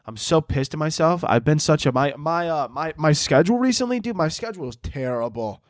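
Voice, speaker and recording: A man hosts his podcast solo in a loose, rambling chat full of swearing and self-mockery. His voice sits a little high. The sound is close and dry, with no room echo. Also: animated, a little fast. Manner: rambling, profane, self-mocking. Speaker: podcast host.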